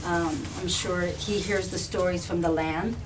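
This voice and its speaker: A woman telling a personal story on a live panel, animated and often laughing, with restarts and repetitions. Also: fairly low pitch, a little slow. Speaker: filmmaker and activist guest. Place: live event room with an audience. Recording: distant mic with background noise.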